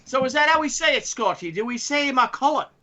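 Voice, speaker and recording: A man co-hosts a comics podcast over a video call, delivering theatrical, grandiose introductions in an animated, brisk voice that sounds pushed and bright. The audio is muffled and low-fidelity.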